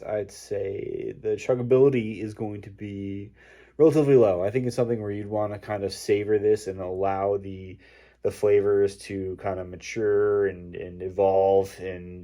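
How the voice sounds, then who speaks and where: Joking guy w a lowish voice riffing on a beer review. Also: dark tone. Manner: jokey, goofy riffing. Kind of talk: casual beer review chat.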